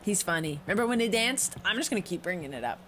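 Expressive young woman streamer. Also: medium pitch, quick pace, crowd noise. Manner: chatty, blunt, expressive. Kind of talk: let's play commentary.

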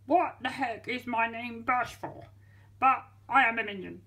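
A woman voicing a grumpy small minion toy who grumbles loudly about his name. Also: a little high, unhurried.

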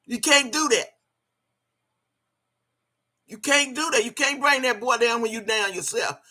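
A woman's voice: fairly high pitch, measured pace, pushed and bright. An older woman ranting on camera in heated, scolding commentary, cursing freely and repeating her phrases for emphasis. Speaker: video blogger.

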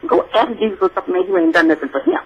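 An older churchy grandmother, played by a man in a comic call-in character bit, gushes and preaches, calling everyone sugar and exclaiming Lord and Jesus. His exaggerated voice sits high and comes out rapid-fire and very animated, with a breathy edge. The audio is dull.

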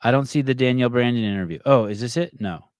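A man's voice: mid-range voice, fast talker, darkish tone, dry recording, studio quality. A man hosting a podcast in casual chat, rambling and swearing often, with many restarts. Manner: rambling and profane, with frequent restarts. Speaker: podcast host.

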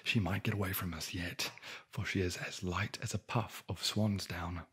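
A scheming old mother toad plotting in a hushed whispered role-play, as a man puts her on for a storybook tale. The voice sits low and deep, with a very husky, breathy grain under every word. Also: steady tone, normal speed, full character voice. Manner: hushed, soft-spoken.

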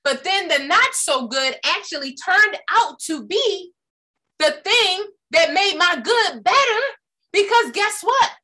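Bright, high-voiced woman giving a motivational talk. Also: animated, slow pace. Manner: emphatic, asks the audience questions, tells personal stories. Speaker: motivational speaker.

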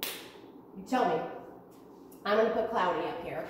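A woman's voice: medium pitch, measured pace, slight background noise. A woman teaching preschoolers from home, talking in a sing-song, child-directed way. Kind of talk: virtual preschool lesson. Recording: echoey room, far from mic, faint ambience.

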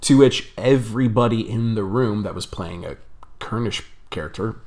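A man's voice: fairly low pitch, moderate pace, a little mellow. A young man telling a rambling story on his vlog, chatty and laughing often. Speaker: vlogger.

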